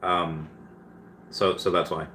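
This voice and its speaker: A man's voice: low voice, flat delivery, slow, bright, forceful tone, slight background noise. A man hosting a casual livestream, reading viewer questions aloud and answering them with many fillers and restarts.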